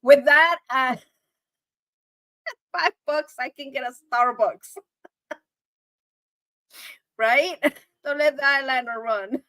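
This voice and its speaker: A woman talks to her viewers on a live show, her voice high and bright. She is chatty and emotional, thanking people warmly, and the sound is dry and close to the mic. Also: slow pace, long pauses, no echo. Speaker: channel host. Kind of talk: casual livestream chat.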